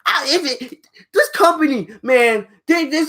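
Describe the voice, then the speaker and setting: A man giving a casual video review rant, animated and repeating phrases for emphasis, often checking in with the viewers. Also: very high-pitched, a little slow. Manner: keeps checking in with "all right?". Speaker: wrestling reviewer.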